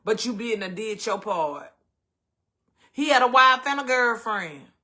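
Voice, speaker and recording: A man with a Southern US accent, hosting a casual chat with viewers and calling them baby and honey in an animated way. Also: high voice, unhurried. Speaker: host.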